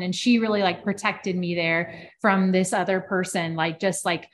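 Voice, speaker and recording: A woman co-hosting a podcast, telling a personal work story in a casual, lively way with many filler words. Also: fairly low pitch, moderate pace, few pauses. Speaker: podcast co-host.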